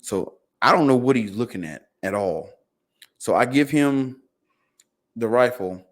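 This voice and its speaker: Speaking a little slowly in a medium register, this man is a guest on a podcast. He rambles through a lengthy anecdote in casual language, lively as he voices his relatives' lines.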